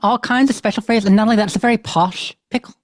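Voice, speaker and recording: A woman's voice: medium pitch, fast talker, no echo. A woman co-hosting a podcast from her bedroom, chatty and upbeat, laughing easily. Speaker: podcast co-host. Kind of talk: casual podcast chat.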